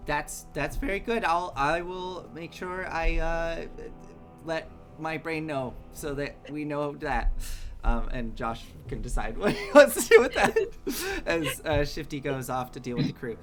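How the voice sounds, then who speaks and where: A game master narrating a tabletop game in an animated way, laughing often and using many fillers. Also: mid-range voice, a little slow, over music.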